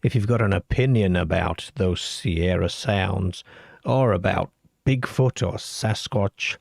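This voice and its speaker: A man hosting a late-night call-in radio show, talking in a slow, measured way with plenty of fillers. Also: sits low, gravelly, darkish tone, dry recording, clean studio sound.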